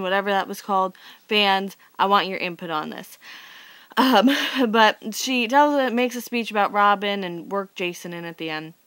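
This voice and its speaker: A woman's voice: medium pitch, a bit bright, no echo. A young woman in her twenties recapping a soap opera to camera, sarcastic and rambling, full of "like" and fed-up asides. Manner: exasperated, sarcastic, rambling with many likes. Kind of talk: casual chat to camera.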